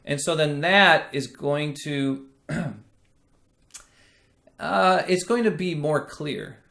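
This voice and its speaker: A man teaching a singing lesson, explaining slowly and checking in with the listener as he goes. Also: fairly high pitch, animated, vocal fry, fairly bright tone. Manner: slow, explanatory teaching with frequent "right?" checks. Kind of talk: singing lesson with sung demonstrations.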